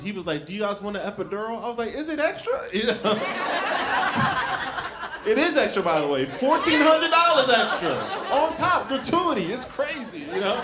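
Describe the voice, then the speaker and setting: A man doing a stand-up comedy set on a club stage, handheld mic, with shouted punchlines. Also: sits high, very noisy. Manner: animated, loud shouted punchlines and put-on voices for others.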